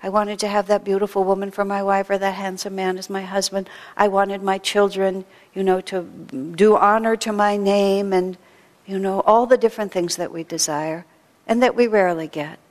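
A woman preaches in a large hall with a long reverb. She tells stories with laughter and acts out the quotes in her talk. Her voice sits at a middling pitch. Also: fairly even intonation, normal speed, a little mellow. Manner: storytelling with laughter and acted-out quotes. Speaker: spiritual speaker. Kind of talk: sermon.

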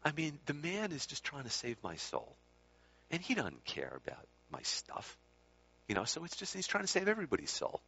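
This man's voice sits on the high side, swinging hugely in pitch at a moderate pace, with vocal fry, a breathy edge, and a bright, forceful tone. Captured in dull lo-fi, he recounts time with a spiritual teacher in a loose, wandering way, stopping to fix details and add side comments.

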